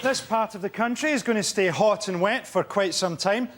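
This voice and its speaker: A man, a comedian on a panel show, firing off deadpan one-liners. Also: sits high, moderate pace, a little hiss or hum. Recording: studio audience laughter.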